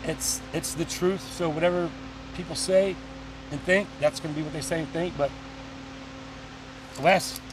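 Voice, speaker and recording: A man's voice: fairly high pitch, steady tone, noisy background. A man hosting a casual on-location vlog, chatty and opinionated. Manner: quick, chatty, opinionated asides. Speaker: host of the channel. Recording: distant outdoor mic.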